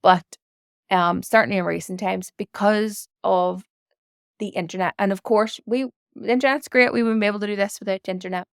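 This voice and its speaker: A woman's voice: mid-range voice, fairly even intonation, fairly quick, creaky, clean tone, no echo, studio quality. A woman hosting an interview, reflecting aloud and correcting her own words as she goes. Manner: reflective, thinks aloud with restarts. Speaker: interview host. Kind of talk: casual interview chat.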